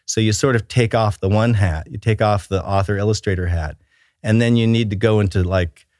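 Middle-aged male author, very low voice, dry close mic, eager and rambling storyteller. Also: steady tone, a little fast, a little mellow, dry recording. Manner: enthusiastic and storytelling, with many fillers and restarts. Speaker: children's book author and illustrator. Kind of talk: relaxed interview chat.

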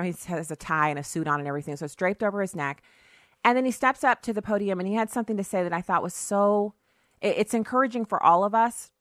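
A woman hosts a talk show in a dry, close-miked studio sound. Her voice sits at a middle pitch. She talks in an emphatic, chatty way, slipping into preachy asides. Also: fairly bright tone, no echo. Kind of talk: opinionated talk radio monologue.

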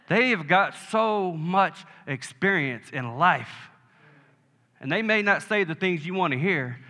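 A man's voice: fairly high pitch, sharp tone. A man preaching a sermon in a church, emphatic, calling for amens from the congregation. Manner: emphatic preaching with call-and-response. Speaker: pastor. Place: church sanctuary. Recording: echoey hall with long reverb.

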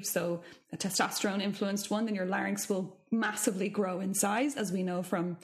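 Woman explaining singing technique. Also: mid-range voice. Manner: explanatory, thinking aloud with restarts. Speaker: vocal coach. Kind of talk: casual podcast chat.

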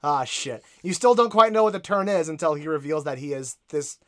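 A man's voice: a little high, expressive, quick pace. A man in casual conversation about a video game, rambling with lots of fillers and asides.

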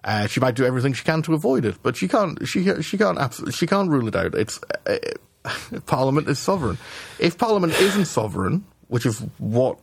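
A man's voice: mid-range voice, very animated, fairly quick, gravelly, breathy edge, dry recording. Man talking politics over beers. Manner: hesitant restarts, swearing, building an argument. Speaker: podcast co-host. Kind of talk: casual political chat.

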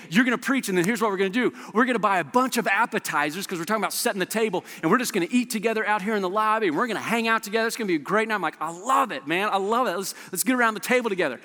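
A man in his thirties preaches in a big echoey hall. His voice sits high and sounds bright. He tells stories with energy and throws in quick quoted asides. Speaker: pastor. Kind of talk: sermon. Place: church auditorium.

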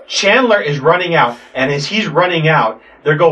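A young man casually telling a story, animated, acting out voices and swearing a lot. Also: on the high side, moderate pace, hardly any pauses, slight background noise. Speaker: podcast guest telling a story. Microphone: sitting far from the mic. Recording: distant mic in a room.

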